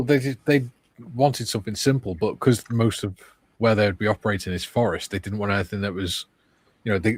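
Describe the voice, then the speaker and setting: A man's voice: fairly low pitch, no room sound. A man hosting a casual livestream, reading viewer comments aloud and chatting. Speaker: livestream host reading chat.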